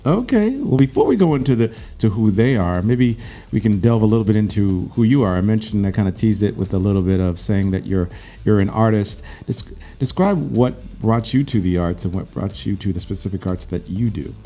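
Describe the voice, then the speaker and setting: A man hosting a radio interview in a studio, chatty and relaxed, restarting his questions as he goes. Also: on the low side, brisk, few pauses, faint music behind. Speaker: radio show host. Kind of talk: casual interview.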